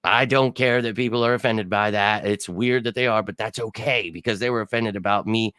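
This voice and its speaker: A man's voice: fairly low pitch, fairly even intonation, fairly quick, fairly bright tone, smooth, no echo, studio quality. A man hosting a casual live-stream football show, rambling and exasperated, full of fillers and asides. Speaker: sports podcast host.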